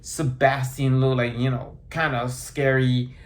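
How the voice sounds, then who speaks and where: A man giving a casual movie review, rambling and halting, with frequent restarts and fillers. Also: medium pitch, little pitch movement.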